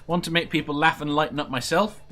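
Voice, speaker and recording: A man hosting a casual online quiz hangout over a video call, reading out chat comments briskly and laughing often. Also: fairly high pitch, steady tone, pushed and bright. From Merseyside area of England.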